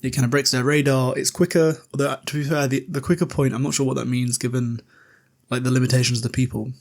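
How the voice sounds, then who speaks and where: Podcast host, man, young adult, quick and rambling, chatty book recap. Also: mid-range voice, flat delivery. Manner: rambling, chatty, self-deprecating with filler words.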